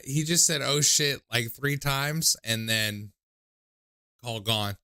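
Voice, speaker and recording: Young male call-in host, rambling self-deprecating talker, fry-laden voice. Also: medium pitch, slow pace, sharp tone. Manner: rambling, self-mocking storyteller. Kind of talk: casual livestream call-in chat.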